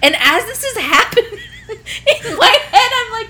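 A woman's voice: very high voice, big pitch swings, a little slow, bright, forceful tone. A pregnant young woman telling an embarrassing story in casual chat, laughing often and swearing freely.

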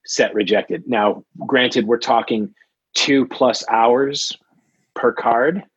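A man's voice: medium pitch, takes it slowly, lo-fi sound, slight background noise. A man talking as a guest on a casual podcast, explaining his freelance work with many fillers and restarts. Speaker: guest, trading card artist.

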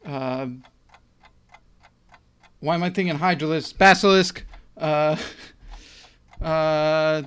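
Slow, smooth-voiced man. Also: fairly high pitch, a bit bright. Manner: joking, hesitant listing with fillers. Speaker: quiz contestant. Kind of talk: casual game chat.

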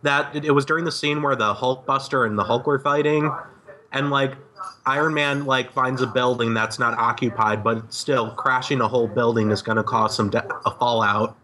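A man's voice: mid-range voice, steady tone, normal speed, bright, forceful tone. A man in a casual chat, rambling along with many fillers.

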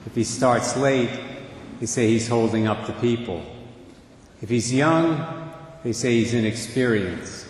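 Older male priest preaching a homily, measured and wry, booming reverb of a big church, faint room noise behind. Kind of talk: sermon. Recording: echoey church with long reverb.

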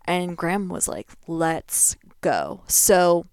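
A woman's voice: on the low side, big pitch swings, takes it slowly, darkish tone, clear, resonant tone, no echo, studio quality. A young American woman hosting a casual solo podcast, talking in a gushing, effusive way and repeating words for emphasis. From United States. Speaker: podcast host. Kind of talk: casual solo podcast, reading her old journal aloud.

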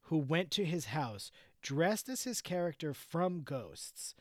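Lively, profane podcast co-host. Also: mid-range voice, slow, no echo, clean studio sound. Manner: incredulous, profane ranting. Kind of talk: casual chat.

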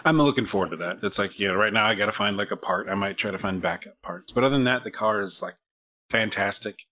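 A man's voice: on the low side, fast talker, bright, forceful tone. A man from the United States hosting a podcast, telling a long, self-mocking story in a casual way with many restarts. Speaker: podcast host.

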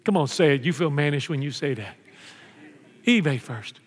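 An older man from Mexico preaching with a fairly high voice and lively delivery, acting out scenes as he goes. He sounds like he is in a large church hall with a long reverb tail. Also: moderate pace, husky. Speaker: pastor. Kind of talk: sermon.

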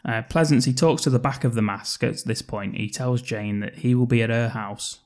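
A man's voice: mid-range voice, normal speed. A man co-hosting a podcast, recapping a film in casual chat, swearing and laughing often and putting on voices for the characters. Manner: sweary, giggly, acts out quotes in funny voices. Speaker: podcast co-host. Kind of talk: casual comedic movie recap.

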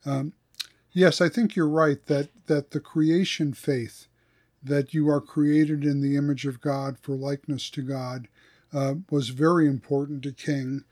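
A man, a theologian, talking through ideas in a thoughtful podcast discussion and reading quotes slowly. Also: a little high, little pitch movement, a little mellow.

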